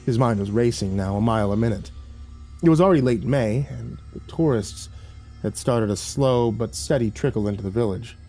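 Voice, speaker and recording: A man narrating a horror story in a measured, dramatic storytelling manner. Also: medium pitch, dark tone. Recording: faint music behind.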